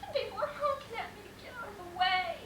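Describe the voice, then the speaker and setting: A woman playing a fragile, troubled wife who rambles through a stage monologue with sudden shouted outbursts. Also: very high voice, animated, fast, slight background noise. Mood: dreamy. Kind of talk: live stage play acting. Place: theater stage. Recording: echoey stage sound, mic far off.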